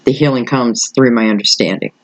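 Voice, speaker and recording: An older man, slightly hoarse, giving a rambling solo tarot reading and thinking aloud with many fillers. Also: mid-range voice, a little fast, dry recording, low-quality recording. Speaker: tarot reader.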